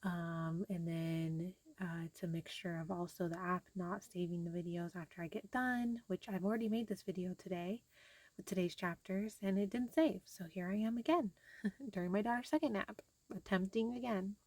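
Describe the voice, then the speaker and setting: Tired young mom rambling to camera. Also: female voice, fairly low pitch, normal speed, a little mellow, no echo. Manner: rambling, frequent fillers. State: tired and frustrated. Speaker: vlogger. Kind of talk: casual talk to camera.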